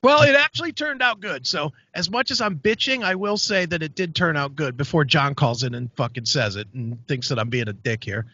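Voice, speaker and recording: A man hosting a podcast, telling a story in a casual, profane, animated way. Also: on the high side, brisk, few pauses, no echo. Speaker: podcast host. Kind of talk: casual chat. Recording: dry, dull lo-fi sound.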